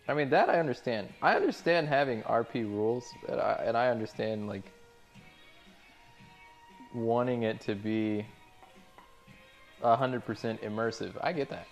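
A man's voice: mid-range voice, normal speed, pauses often, faint music behind. A man streaming, reading out chat messages and chatting casually in a laid-back, rambling way with frequent laughs.

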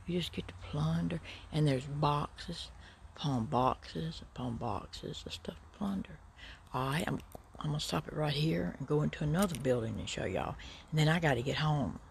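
In a thrift-shopping vlog, a chatty middle-aged Southern US woman talks casually to her viewers at normal speed, drawling and addressing them as y'all. Her voice sits low with vocal fry, and a little hiss or hum can be heard.

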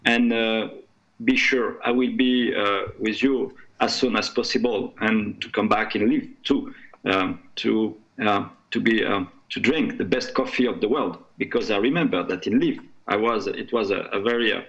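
A man whose first language is French, speaking haltingly as a guest in a panel discussion. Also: fairly low pitch, a bit bright, muffled recording. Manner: halting, searching for English words.

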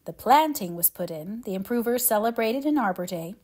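Woman reading a classic novel aloud. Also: mid-range voice. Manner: even, measured storytelling. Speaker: audiobook reader.

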